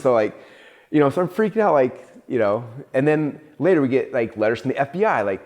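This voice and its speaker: A man talks quickly through a casual conversation. He peppers his stories with fillers and quick restarts. When he acts out his own panic, his voice jumps high and loud. His pitch sits in the middle for a man. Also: very animated. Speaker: host and entrepreneur.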